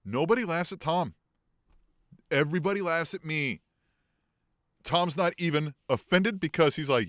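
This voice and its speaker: A man co-hosting a wrestling podcast in casual, exasperated chat. His mid-pitched voice moves expressively, and he swears and trails off into restarts. The sound is dry with no room echo. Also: sing-song, normal speed, pauses often, a bit bright.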